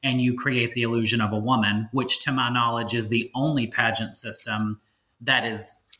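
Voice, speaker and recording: A man in his thirties from Louisiana, calmly explaining things as a podcast guest in a polite, easy conversational way. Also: medium pitch, normal speed. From Louisiana, USA. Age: 30s. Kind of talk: casual interview chat.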